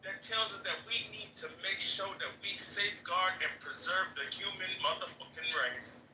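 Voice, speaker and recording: High bright-voiced joking man, echoey. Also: normal speed. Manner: animated, joking, profane, laughs often. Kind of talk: casual comedic podcast chat. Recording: echoey room, distant from mic, faint noise.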